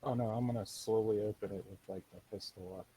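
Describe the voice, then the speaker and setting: Male tabletop player, warm mellow voice, lowish, casual and halting. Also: steady tone, slight background noise, poor audio. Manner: casual, hesitant. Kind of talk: describing his character's actions.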